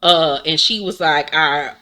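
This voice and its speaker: A tired woman in her forties yawns as she recaps a reality show, her talk casual and animated, packed with swearing and laughter. Her voice is deep and her pace measured.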